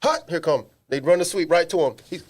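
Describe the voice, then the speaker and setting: Animated man telling comedic stories. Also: on the high side, a little fast. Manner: animated storyteller, slangy and emphatic. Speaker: podcast co-host. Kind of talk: casual comedic chat. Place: small studio.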